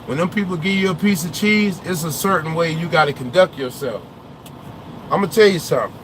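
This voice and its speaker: This young trucker vlogger sits in his cab chatting casually as he responds to viewer comments, offering opinions, rambling, and now and then losing track of his point. He sounds a little high and a little fast over background noise.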